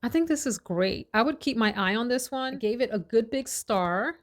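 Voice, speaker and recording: A woman's voice: on the high side, animated. Chatty woman reviewing perfumes. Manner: chatty, enthusiastic, lists scent notes slowly. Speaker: fragrance reviewer. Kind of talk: casual review vlog.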